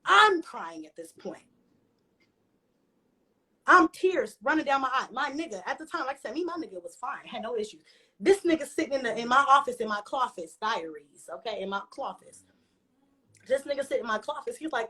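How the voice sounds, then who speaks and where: A woman's voice: high voice, moderate pace. A woman vlogger telling a story to camera, profane and emphatic. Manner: profane, emphatic, animated retelling.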